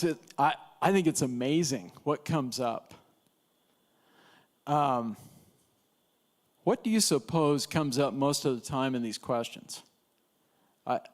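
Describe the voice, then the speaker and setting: A man teaching an evangelism class at church, telling stories in a chatty way with laughs and restarts. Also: medium pitch. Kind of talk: casual storytelling lesson.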